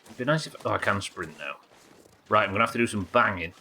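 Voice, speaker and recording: A man's voice: fairly low pitch, animated, quick pace, pushed and bright, slightly rough. A British man giving live commentary while streaming a game, swearing often, muttering to himself and chatting with his viewers. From Britain.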